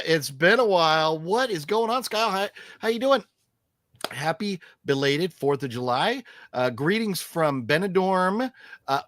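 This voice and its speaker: A man's voice: fairly high pitch, a bit bright, no room sound. Guy hosting a live chat stream, lots of uhs, reading out comments, dry sound. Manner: reads viewer comments aloud with many fillers. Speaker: host.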